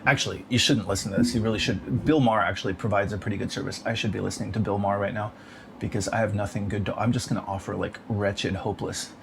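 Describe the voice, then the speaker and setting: A man's voice: fairly low pitch, fairly even intonation, fast, creaky. A man delivering a bitter, profane, rambling rant on his own. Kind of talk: ranting monologue. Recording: noisy background.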